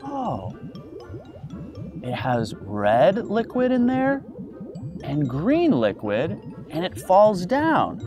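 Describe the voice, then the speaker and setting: Woman, children's show host, lively sing-song pitch, low voice, slow clear delivery, music playing behind. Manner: excited exclamations, slow and clear for kids. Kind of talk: playful educational talk to young children. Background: background music.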